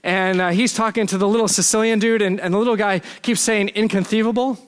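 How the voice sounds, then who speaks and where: A man's voice: high voice, steady tone, quick pace, clean tone. A man preaching a sermon as pastor in a church, conversational and self-deprecating, with playful asides. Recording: long church hall reverb.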